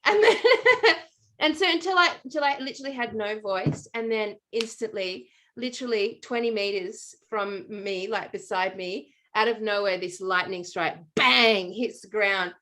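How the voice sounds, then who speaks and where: A middle-aged Australian woman telling a long story in casual chat, animated and rambling with many fillers and restarts. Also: medium pitch, moderate pace, few pauses. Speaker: podcast co-host.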